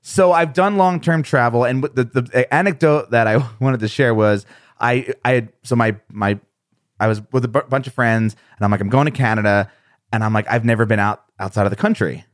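An American man talks casually as a podcast guest, laughing often as he pokes fun at himself. His voice sits at an ordinary middle pitch. It is recorded close and dry, with no room sound. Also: brisk, dry recording. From United States. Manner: laughs often, self-deprecating storytelling. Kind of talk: casual conversation.

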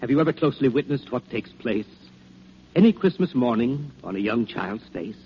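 An actor playing a patient, persuasive old Santa Claus, speaking calm, coaxing rhyming verse in 1940s radio acting. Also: male voice, mid-range voice, moderate pace, natural voice. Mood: wistful. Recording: dull, faintly hissy old radio recording.

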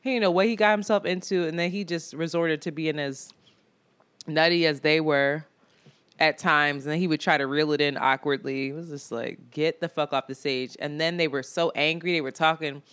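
A woman co-hosting a podcast in casual chat, animated and laughing, jumping from loud outbursts to low mutters. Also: normal speed, clean tone. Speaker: podcast co-host.

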